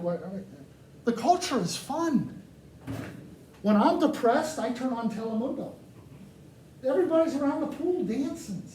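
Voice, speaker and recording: A man from the United States giving a lively, joking talk to a live audience, often asking them questions. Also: sits high. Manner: animated, joking, asks the crowd questions. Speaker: speaker addressing a live audience. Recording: echoey room, mic far off, faint noise.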